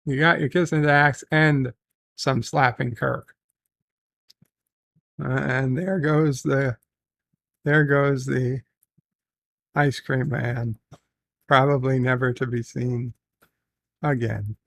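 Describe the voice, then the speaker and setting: A man with a gravelly voice hosts a casual livestream, telling rambling stories and reading out viewer messages with plenty of ums. His pitch is mid-range, and the sound is dry and close to the mic. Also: fairly even intonation, slow pace, pauses often, a bit bright, no room sound. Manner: rambling, reads chat messages aloud with filler ums. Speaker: livestream host.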